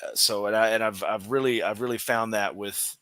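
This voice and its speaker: A man, a professional wrestler guest on a podcast, telling a story in an animated way, laughing often and restarting his sentences. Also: lowish voice, a little fast, no echo. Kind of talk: casual storytelling interview.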